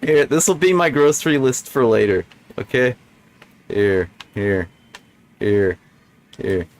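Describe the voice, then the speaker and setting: A man's voice: medium pitch, takes it slowly. A man streaming a video game, talking into a desk microphone in casual, jokey and sarcastic commentary that rambles along.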